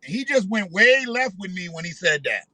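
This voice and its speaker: A man's voice: high-pitched, very animated, moderate pace, sharp tone, dry recording, poor audio. A man hosting a casual reaction commentary, joking and talking loosely with some profanity. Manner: laughing, joking, loose and profane street talk. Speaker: commentary vlog host.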